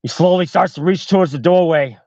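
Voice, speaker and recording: A man's voice: high voice, fairly quick, mellow, no room sound, lo-fi sound. A man hosting a podcast, telling a horror story casually with heavy swearing and lots of "like". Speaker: podcast host.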